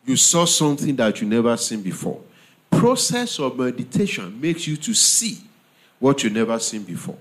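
A man with a mid-range voice preaches in a very animated way, slow and emphatic. He repeats phrases often and frequently asks listeners if they follow.

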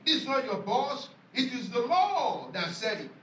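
High-voiced pastor preaching. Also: male voice, sing-song, a bit bright, a little hiss or hum. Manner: emphatic, repeats scripture phrases slowly for stress. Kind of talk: sermon. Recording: echoey room, voice from a distance.

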